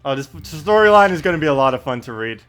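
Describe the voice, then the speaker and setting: Lively, chatty male game streamer. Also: a little high, soft background music. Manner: chatty, laughs often, quick reactions. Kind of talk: casual live-stream commentary.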